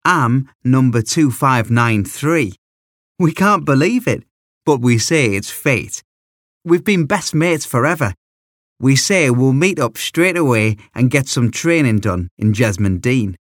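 Male audiobook reader, mid pitch, expressive children's story narration, dry close studio sound. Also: measured pace, dry recording.

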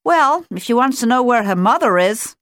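A woman doing a cheerful mother otter, bright and breezy, lively storybook lilt, a touch back from the mic. She sounds friendly and easy. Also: sits low, moderate pace, no echo, studio quality.

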